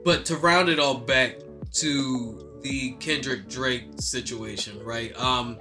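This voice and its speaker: A man's voice: mid-range voice, takes it slowly, bright, forceful tone, soft background music. A man casually chatting about rap beef and boxing, loose and joking, with lots of fillers and swearing. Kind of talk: casual hip-hop commentary chat.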